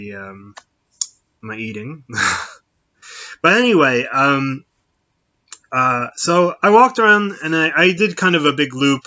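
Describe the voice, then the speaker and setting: Middle-aged male host, very bright tone, rambling casual chat, dull lo-fi recording. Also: mid-range voice. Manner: rambling, with many fillers and restarts. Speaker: podcast host. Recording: dull lo-fi sound.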